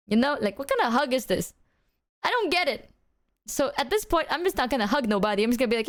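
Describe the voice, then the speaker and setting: A woman's voice: on the high side, brisk. A young woman streamer chatting casually with her viewers, telling stories with slang and swearing and acting out what her friends said. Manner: animated storytelling, acting out quoted friends.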